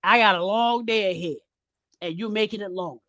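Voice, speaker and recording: Sassy emphatic podcast co-host, bright dry sound. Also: medium pitch, fairly quick, no echo. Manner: sassy, emphatic, preachy asides. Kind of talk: casual chat.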